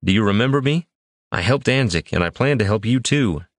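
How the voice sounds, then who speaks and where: A strained, desperate adventurer, read aloud by a man. He climbs high in pitch when he panics, yet the voice stays close to a deep, dry reading tone. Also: animated, brisk, dry recording, close to an everyday voice. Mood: weary, firm. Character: desperate male adventurer, grieving a friend.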